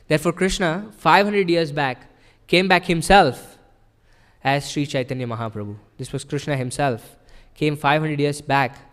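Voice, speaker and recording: Man, temple sermon, fairly high voice, earnest and explanatory, long echoing hall. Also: moderate pace, fairly bright tone, clear, resonant tone. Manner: earnest, explanatory, with frequent rhetorical "right?". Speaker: temple speaker. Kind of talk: devotional sermon.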